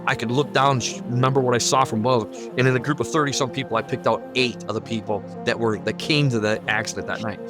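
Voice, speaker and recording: A man's voice: medium pitch, fairly even intonation, fast talker, hardly any pauses, over music. A man telling his own near-death story in an earnest, vivid and emphatic way. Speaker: guest sharing a near-death testimony. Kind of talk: personal testimony storytelling.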